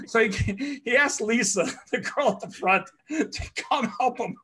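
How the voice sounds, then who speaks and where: High, bright-voiced man telling a wild story. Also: unhurried. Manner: excitable, swears often, acts out other people's lines with shouting and laughter. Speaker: podcast host telling a story. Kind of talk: animated casual storytelling.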